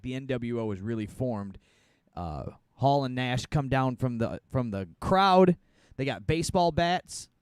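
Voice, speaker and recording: Male podcast co-host, mid-pitched, lively storyteller, dry close sound. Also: clean tone, no room sound. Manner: animated storyteller who laughs often. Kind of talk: casual chat.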